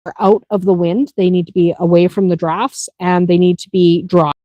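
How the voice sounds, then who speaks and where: A woman's voice: fairly low pitch, flat delivery, normal speed, no room sound, muffled recording. A woman who runs a small farm, answering viewer questions in a chatty, practical way, laughing easily and driving points home with "okay?". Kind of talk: casual Q&A explanation.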